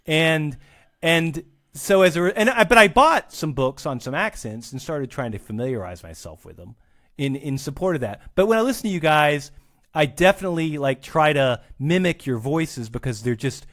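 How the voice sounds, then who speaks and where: A man's voice: a little high, very animated, moderate pace, a bit bright. A man chatting as a podcast guest, rambling and self-deprecating, often restarting his sentences. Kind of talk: casual chat.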